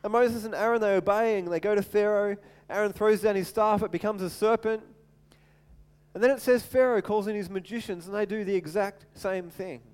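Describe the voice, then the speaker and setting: A man preaching a sermon as animated storytelling, acting out voices and often repeating words, in a large hall with long reverb. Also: high-pitched, brisk, smooth.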